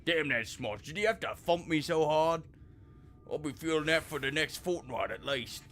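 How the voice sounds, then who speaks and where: A man's voice: fairly high pitch, normal speed, faint music behind. A man voicing a chatty, trolley-obsessed male miner in a game, with a put-on Cockney accent. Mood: hearty. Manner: lively, hearty storybook delivery. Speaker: streamer reading game dialogue. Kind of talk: voicing video game dialogue.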